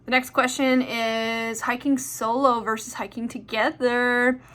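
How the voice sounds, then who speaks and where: A woman's voice: fairly high pitch, level tone, a little slow, a bit bright. A young woman answering viewer questions in a chatty, rambling way with lots of fillers. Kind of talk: casual chat.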